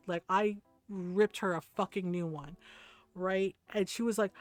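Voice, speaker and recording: A woman's voice: medium pitch, steady tone, fast talker, dry recording. A woman streamer telling a story while gaming, swearing freely, laughing often and heatedly quoting herself. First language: Tagalog.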